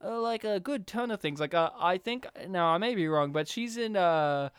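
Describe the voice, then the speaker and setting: A man's voice: sits high, animated, normal speed, a bit bright, smooth, no room sound, studio quality. A man co-hosting a casual movie-watching podcast, chatting animatedly and slipping into silly character impressions. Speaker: podcast co-host. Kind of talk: casual movie commentary chat.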